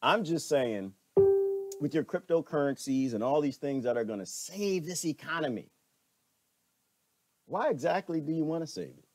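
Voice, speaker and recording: Animated man preaching his opinions. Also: fairly high pitch, moderate pace, pauses often, soft background music. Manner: preachy, wry, acts out voices. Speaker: commentator.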